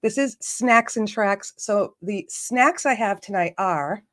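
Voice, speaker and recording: A woman's voice: mid-range voice, takes it slowly, a bit bright. A woman hosting a casual live stream, chatty and self-joking, laughing often and greeting viewers by name. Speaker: livestream host.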